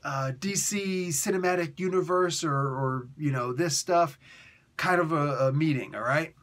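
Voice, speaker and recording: A man hosting a comic book review show, talking in a casual, animated way, often laughing and sounding exasperated. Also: fairly high pitch, unhurried.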